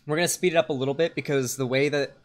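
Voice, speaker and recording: A man's voice: on the high side, fairly even intonation, racing. A young adult man streaming live, giving casual, rambling reaction commentary full of fillers and restarts.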